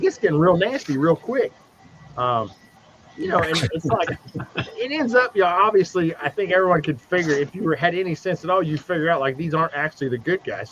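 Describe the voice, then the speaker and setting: A man on a livestream video call recapping a comic book in a profane, animated way, slipping into mocking voices for the characters. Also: fairly high pitch. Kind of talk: casual livestream chat. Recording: dull lo-fi stream audio with noise.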